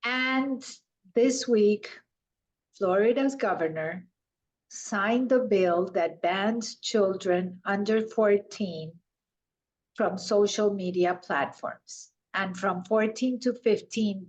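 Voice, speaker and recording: A woman hosting an interview, asking her guest questions in a deliberate way. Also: mid-range voice. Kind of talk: conversational interview.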